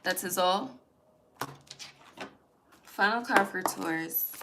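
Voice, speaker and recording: A woman's voice: medium pitch, slow, heavy background noise. A woman giving a casual tarot reading, chatty and emphatic, swearing freely and talking straight to her viewers. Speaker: tarot reader.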